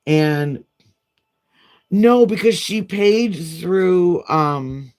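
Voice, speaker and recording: A woman's voice: fairly low pitch, extremely slow, darkish tone. Chatty woman rambling while doing nails. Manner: chatty, rambling, frank storytelling. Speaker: nail vlogger.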